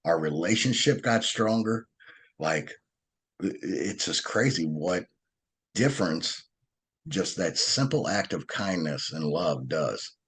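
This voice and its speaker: Earnest low-voiced storytelling man. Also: slow, breathy edge. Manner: earnest, animated, restarts sentences often. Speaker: podcast guest. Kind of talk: conversational storytelling.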